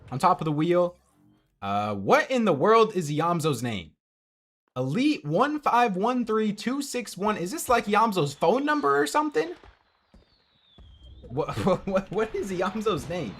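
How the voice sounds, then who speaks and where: A man's voice: on the high side, fairly bright tone. A young man streaming from home into a headset mic, casually commenting on a match and answering chat. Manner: chatty, reads out and answers chat.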